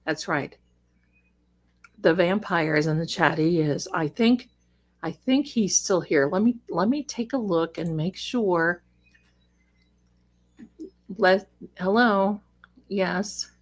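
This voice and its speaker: A woman talks slowly and loosely into a desk microphone, hosting a livestream from home. She rambles between thoughts and calls her viewers darling and sister, with a cat settled on her lap. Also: fairly low pitch. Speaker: livestream host and psychic reader. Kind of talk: casual livestream chat.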